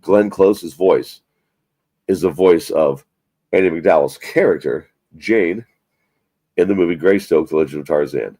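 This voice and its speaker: A man's voice: deep voice, measured pace, warm tone, no room sound. A man hosting a casual live stream, rambling and swearing as he chats about movies. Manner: rambling, profane, self-mocking. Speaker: livestream host.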